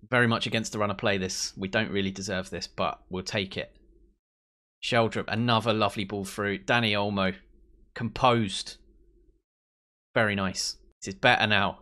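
A young man commentating on his own football management game, excitable, cheering his team and mocking rivals. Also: fairly low pitch, normal speed. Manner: excitable, swears and mocks players. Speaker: let's play host.

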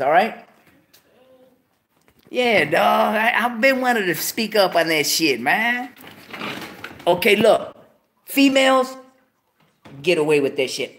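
A man hosting his own show, ranting casually to viewers in street slang, cursing heavily, with animated outbursts. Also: a little high. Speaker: show host. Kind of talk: casual profane rant to viewers.

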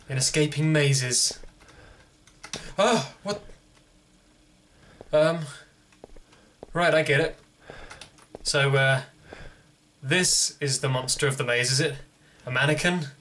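Young male gamer host, bright tone, jittery joking horror commentary, faint noise. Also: mid-range voice, steady tone, takes it slowly, pauses often. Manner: jumpy, jokey, talking to himself. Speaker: gaming video host. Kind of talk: horror game let's play commentary.

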